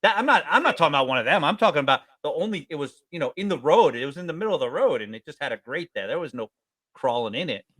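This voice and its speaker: A middle-aged man from New York State chatting casually as a podcast co-host, telling stories with lively acted-out voices. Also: on the high side, racing, dry recording. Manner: animated storyteller, acts out quoted voices loudly. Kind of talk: casual chat.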